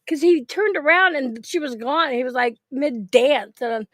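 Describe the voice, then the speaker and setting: A middle-aged woman chatting casually and spinning stories, laughing easily and dropping the odd swear word. Her voice sits a little high, and the recording is close and dry, with no room around it. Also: unhurried, no echo. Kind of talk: casual chat, storytelling.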